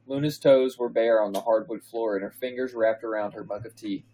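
A man co-hosting a podcast, reading fan fiction aloud in a comedic dramatic reading, pausing for laughs and asides. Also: lowish voice, steady tone, warm tone, poor audio. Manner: reads slowly, breaks into laughs and asides.

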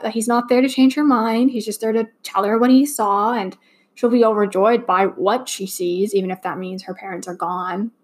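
A young adult woman hosting a fan podcast, talking in a rambling, heartfelt way with lots of fillers and restarts, a little choked up. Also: mid-range voice. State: slightly choked up. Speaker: podcast host. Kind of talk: casual fan podcast monologue.

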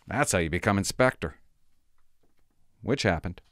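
An older retired policeman rambles through memories of his old postings, his voice lively and swooping as he tells them. He drifts from booming asides to near-whispers and back again. The sound is dry and close, with no room echo. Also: moderate pace. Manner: rambling, candid, drifts between loud and hushed. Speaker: retired police officer telling stories. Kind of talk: casual storytelling to viewers.

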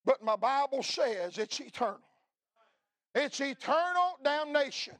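A middle-aged man delivers a fiery revival sermon in a strikingly high voice. He swings between hushed, pleading stretches and shouted warnings, with plenty of "uh" fillers. The sound is close and dry, with no room echo. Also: animated, unhurried. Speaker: pastor.

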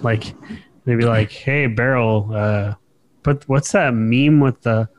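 A man's voice: mid-range voice, slow pace, darkish tone, dry recording. An American man in casual podcast chat, rambling with many "like"s. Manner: rambling, heavy use of "like". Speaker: podcast co-host.

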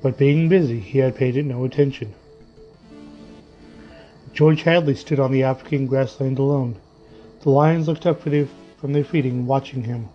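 A man narrating a story in a measured, dramatic reading style. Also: medium pitch, fairly even intonation. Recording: dull lo-fi audio with faint music.

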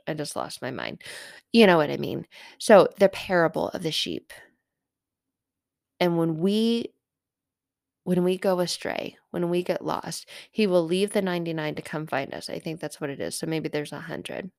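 A middle-aged woman and mother telling a personal faith story as a podcast host, rambling and animated and often correcting herself. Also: low-pitched, gravelly, dry recording, clean studio sound.

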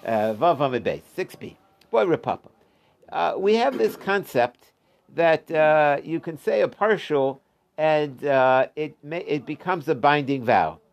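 A man's voice: a little high, expressive, unhurried. A man teaching an informal Talmud class, explaining step by step and restating his points.

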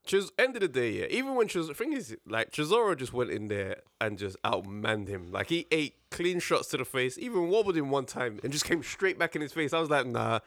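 Young man, bright voice, slangy podcast chat. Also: mid-range voice. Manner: lively, slangy, quick to laugh. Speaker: podcast co-host. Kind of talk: casual banter about boxing.

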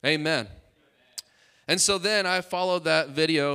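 A man's voice: a little high, measured pace, bright, forceful tone, clean tone. A male pastor preaching a fervent, emphatic sermon in church, calling out to his congregation.

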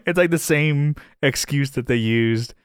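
A man's voice: unhurried, clear, resonant tone, no room sound, studio quality. Laid-back man chatting about a sitcom. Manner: swears and laughs often, jumps into high-pitched voices when quoting. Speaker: podcast co-host. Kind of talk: casual chat recapping a TV episode.

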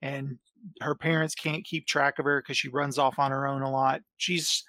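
A man co-hosting a podcast in casual chat, enthusiastic and quick to laugh. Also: mid-range voice, flat delivery, sharp tone, dry recording, clean studio sound. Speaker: podcast co-host.

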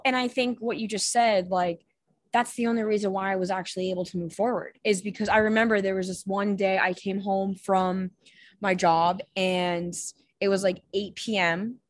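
A woman's voice: mid-range voice, dry recording. A woman podcast guest and coach telling a personal story in a candid, chatty way, swearing freely and filling with "like". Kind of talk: casual conversational storytelling.

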